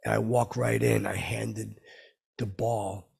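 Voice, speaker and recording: A man's voice: fairly low pitch, level tone, takes it slowly, vocal fry, a little mellow, breathy edge. A man rambling through a comic story, stammering and repeating himself in a brash way. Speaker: comedy podcast host telling a story.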